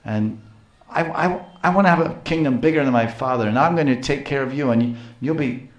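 A man voicing an upset, indignant four-year-old prince in a higher voice. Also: echoey room, lightly acted. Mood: defiant. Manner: whiny, indignant, halting.

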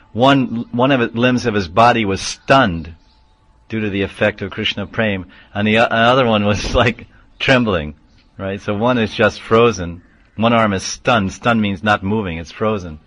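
A man's voice: on the low side, a bit bright. A man teaching a scripture class, explaining terms, chanting verses and calling out names. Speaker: spiritual teacher.

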